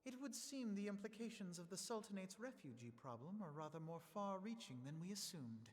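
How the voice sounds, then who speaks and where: A thoughtful adviser from a game story, speaking in measured, formal sentences. Her pitch moves in lively rises and falls. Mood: concerned.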